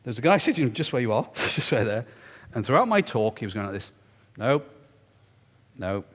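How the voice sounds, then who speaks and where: A man's voice: medium pitch, sing-song, quick pace, fairly bright tone, breathy edge. A man telling a story during a public lecture, emphatic and confiding. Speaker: guest lecturer. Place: lecture hall. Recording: echoey lecture hall.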